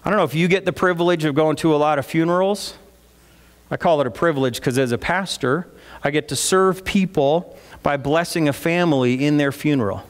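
A man pastor preaching a sermon in a church, in a conversational manner, asking the congregation questions. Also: high voice. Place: church sanctuary. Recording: long reverb of a church hall.

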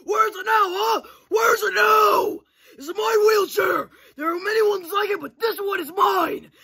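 A man's voice: extremely high pitch, fairly even intonation, unhurried, voice pushed up, heavily acted. A man voicing a hysterical character who screams and sobs. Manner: shouting, sobbing, hysterical. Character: hysterical man screaming over his wheelchair.

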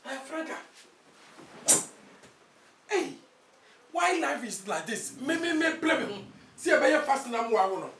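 A Ghanaian man acting a pastor husband in a comedy skit, exclaiming loudly and muttering quick prayers. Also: extremely high pitch, very animated. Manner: loud exclaiming, switching to rapid muttered prayer. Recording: echoey room, distant mic, faint noise.

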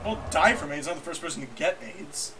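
Excitable, high-voiced man joking around. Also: fairly quick, a crowd in the background, rough recording. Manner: rambling, excitable storytelling. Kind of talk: casual comedic banter.

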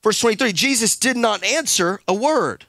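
A male pastor preaching a sermon at a church service, emphatic, repeating words and building up to shouts. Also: high-pitched, animated, normal speed, dry recording.

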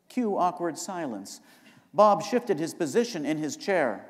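A male author reading his own novel aloud at a live library event, with dry, deadpan first-person narration. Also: a little high, measured pace, long reverb tail. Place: public library event hall.

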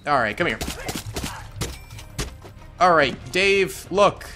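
A young man giving goofy, casual commentary over his own gameplay, muttering to himself and then yelling at a character. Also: fairly high pitch, expressive, slow pace, soft background music. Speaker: gaming YouTuber.

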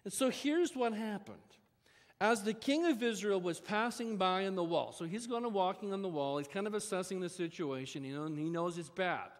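High-voiced man preaching in a church hall. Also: lively intonation, normal speed. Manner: conversational, folksy asides to the congregation. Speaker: pastor. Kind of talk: sermon. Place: church sanctuary. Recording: long reverb of a church hall.

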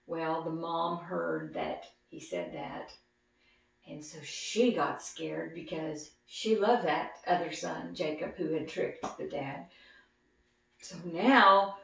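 A woman tells children a Bible story in simple, animated words. Her voice has a gravelly fry. She is caught from a distance in a very echoey room with a dull, lo-fi sound. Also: fairly low pitch, slow pace. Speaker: children's teacher. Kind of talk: Bible story lesson for kids.

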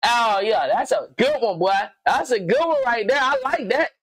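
A man giving casual reaction commentary on a video, slangy and animated, rambling and swearing as he thinks aloud. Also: extremely high pitch, moderate pace, no echo.

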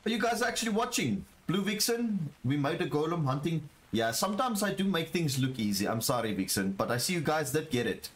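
Excitable man streaming a game. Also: brisk, few pauses. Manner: excitable, repeats phrases, talks to chat; jumps from low murmurs to high excited shouts. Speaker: gaming streamer. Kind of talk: live gameplay commentary.

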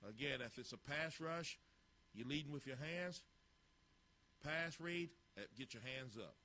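A man's voice: mid-range voice, normal speed, pushed and bright, breathy edge. A man coaching football, narrating drill footage with blunt, clipped instructions and critiques.

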